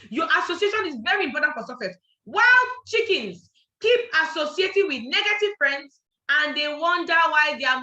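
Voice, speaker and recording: A Nigerian woman coaching a network marketing team with a high, fast, emphatic delivery. Her bright, forceful voice repeats each point and checks that listeners keep up. It is heard in an echoey room on a dull, lo-fi recording. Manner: emphatic, repeats points, keeps asking listeners if they follow. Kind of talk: motivational training talk.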